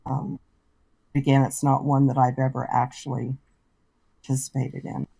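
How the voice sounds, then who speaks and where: A woman guest in a casual online chat, earnest and thoughtful, pausing as she talks. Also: very deep voice, little pitch movement, vocal fry, mellow, slightly rough, no echo, poor audio. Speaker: guest scambaiter. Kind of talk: casual video-call chat.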